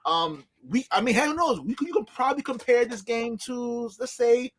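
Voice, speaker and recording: A man's voice: extremely high pitch, normal speed, fairly bright tone. A man co-hosting a sports podcast, making blunt, joking remarks in casual chat.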